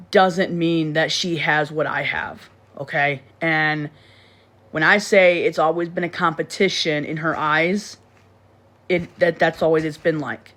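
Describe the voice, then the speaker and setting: A woman with a deep, slightly bright voice hosts a casual phone livestream. She rambles and repeats herself, restarts often, and is blunt with frequent swearing.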